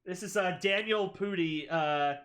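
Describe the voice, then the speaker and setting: A live streamer giving casual reaction commentary, excitable, gushing loudly and then trailing off into mumbles. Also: mid-range voice, measured pace. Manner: excitable, swings between loud gushing and mumbling. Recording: clear music under the voice. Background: background music.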